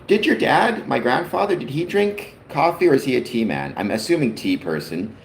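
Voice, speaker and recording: A man's voice: mid-range voice, big pitch swings, moderate pace, vocal fry. A Canadian man hosting a livestream, chatting casually and rambling a little. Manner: rambling, chatty, talks to his father on the stream. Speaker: livestream host. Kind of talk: casual chat. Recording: roomy echo, faint background noise.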